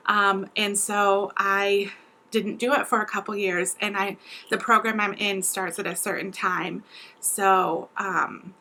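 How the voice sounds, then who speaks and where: Bright-voiced chatty young woman vlogger. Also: mid-range voice, level tone, slow, poor audio. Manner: chatty, rambling with many fillers. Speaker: beauty vlogger. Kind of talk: casual chat to camera. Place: at home, indoors.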